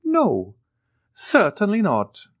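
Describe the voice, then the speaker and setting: A timid, eager old ex-soldier speaks in a strikingly high, quavering voice that swoops up and down as he fawns and frets, as a male audiobook narrator puts him on. The sound is close and dry, with no room around it. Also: wildly swooping pitch, slow, dry recording, heavily acted.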